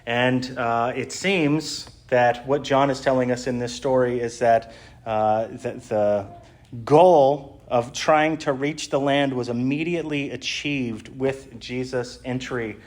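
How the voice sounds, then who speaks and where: A man's voice: medium pitch, fairly even intonation, takes it slowly, darkish tone. A male pastor preaching in an easygoing, conversational way. He explains a Bible passage with many fillers and restarts. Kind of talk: sermon.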